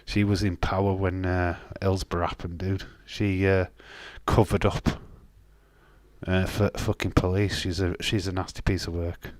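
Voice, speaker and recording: A man from Castleford in Yorkshire, England, hosts a live stream with a low, flat voice at normal speed and no echo. He chats bluntly and casually in his Yorkshire accent, swearing freely and restarting sentences. He's doing a watch-along, reading out viewer comments.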